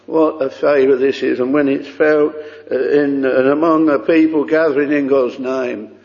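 A man's voice: medium pitch, steady tone, a little slow, a little mellow. A man preaching a sermon in an earnest, pleading way, often repeating phrases and crying out "oh". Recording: dull lo-fi recording with long hall reverb.

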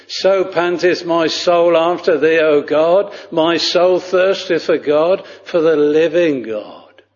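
Slow solemn male preacher, lo-fi. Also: fairly high pitch, a little mellow, big-room sound. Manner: slow, solemn, old-fashioned scriptural diction. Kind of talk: sermon. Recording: dull lo-fi recording.

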